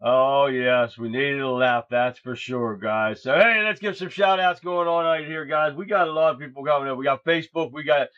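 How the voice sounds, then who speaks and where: A man's voice: mid-range voice, moderate pace, hardly any pauses. A man hosting a livestream, chatting casually and in a folksy way, addressing his viewers as guys. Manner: folksy, keeps calling the audience "guys". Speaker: host. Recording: dull lo-fi sound.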